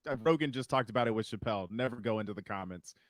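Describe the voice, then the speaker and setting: A man's voice: lowish voice, rapid-fire, dry recording. A man, a comedian hosting a podcast, chatting casually in a rambling way with many fillers. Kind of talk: casual chat.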